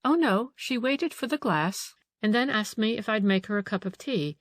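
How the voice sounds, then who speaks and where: A woman's voice: medium pitch, expressive, normal speed, no echo, voice pushed up, close to an everyday voice. A woman voicing a frightened middle-aged female housekeeper in an audiobook, anxious and eager to please. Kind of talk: audiobook character reading.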